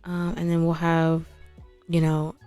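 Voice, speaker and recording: A woman's voice: deep voice, monotone, measured pace, dark tone. A young woman giving casual, slangy commentary while playing a life-sim game. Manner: chatty, slangy, narrates and voices sims. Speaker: gaming channel host. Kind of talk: casual let's-play commentary. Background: background music.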